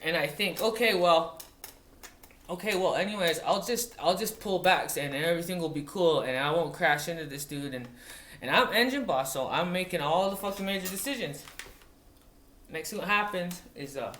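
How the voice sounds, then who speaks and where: A man's voice: high-pitched, expressive, sharp tone, a little hiss or hum. Profane man telling a firefighting story, roomy echo. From Montana. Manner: profane, halting, with many restarts. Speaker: wildland firefighter. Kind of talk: casual spoken storytelling. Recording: roomy echoey recording.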